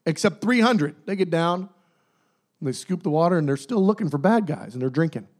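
A man preaching a sermon, animated, acting out voices and dropping to near-whispers for emphasis. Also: on the high side, brisk. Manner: dynamic, swinging from loud to soft near-whispers.

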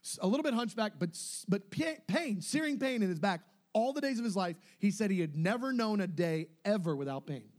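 High-voiced, lively preaching man. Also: brisk, few pauses. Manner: animated, laughing storyteller who acts out quoted voices. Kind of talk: sermon storytelling.

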